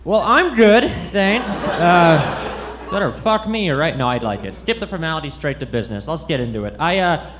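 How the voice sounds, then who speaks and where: A man with a fairly high, lively voice performs stand-up at a comedy club, speaking at normal speed. He deliberately fumbles his lines in an awkward, self-deprecating act, recorded live amid loud audience noise.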